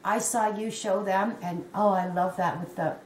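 A woman's voice: mid-range voice, moderate pace. Gushing woman in an echoey room. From Canada. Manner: gushing and excitable, with many exclamations. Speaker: crochet vlogger. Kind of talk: unboxing a gift on camera. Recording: echoey room with faint noise.

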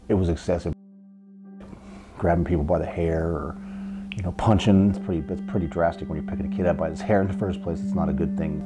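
A man in a documentary interview, speaking plainly and earnestly about a close friend, over faint guitar music. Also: sits low. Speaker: friend of the subject.

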